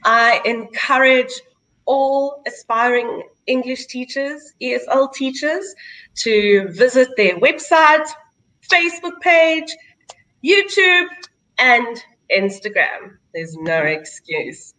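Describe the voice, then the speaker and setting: South African woman, show host; bright, tense tone, slow and chatty, quick to laugh. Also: high voice, expressive, rough recording. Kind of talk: casual chat on a video call.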